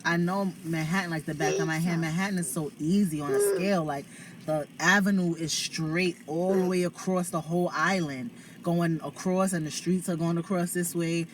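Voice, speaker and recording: A woman's voice: lowish voice, fairly even intonation, normal speed, a crowd in the background. A young woman from New York with a New York accent, chatting casually to viewers on a phone stream from her car. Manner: chatty, talks to viewers and family between stories. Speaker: live streamer. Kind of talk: casual chat. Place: inside a parked car.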